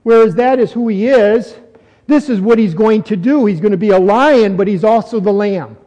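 A man's voice: high-pitched, normal speed, mellow, big-room sound, lo-fi sound. A man preaching an expository sermon, earnest and repeating phrases for emphasis as his voice rises on key points.

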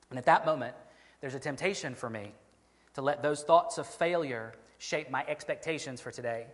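A man preaching a sermon as pastor, earnest, slowing down to stress key phrases. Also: mid-range voice, fairly bright tone, long reverb tail.

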